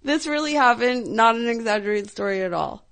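Female studio guest, higher voice with gravelly fry, chatty storyteller. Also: lively intonation, fairly quick, a bit bright. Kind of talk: casual comedy talk.

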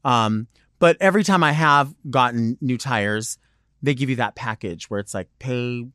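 A male podcast host talks on his own in a loose, wandering monologue, hopping from one thought to the next with plenty of fillers. His voice sits at a middling pitch for a man. The recording is dry and close, with no room echo. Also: moderate pace, pushed and bright. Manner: rambling, digressive, chatty with many "like"s. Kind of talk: casual solo monologue.

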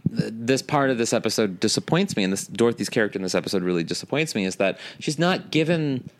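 Man, low voice, lively pitch, chatty podcast co-host, emphatic. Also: quick pace. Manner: animated, jokey, emphatic. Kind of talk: casual chat.

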